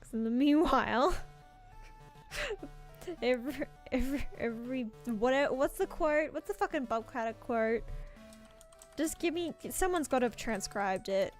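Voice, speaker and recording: A woman's voice: high-pitched, lively intonation, a little slow, soft background music. A woman hosting a livestreamed tabletop game, chatting casually, laughing often and swearing freely. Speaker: stream host and game master.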